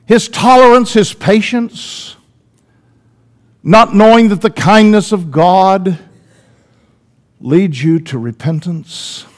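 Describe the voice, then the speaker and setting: Man preaching in a church, high voice, dramatic sermon delivery, loud then quiet. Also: slow, pauses often. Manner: dramatic swings between loud emphasis and hushed tones.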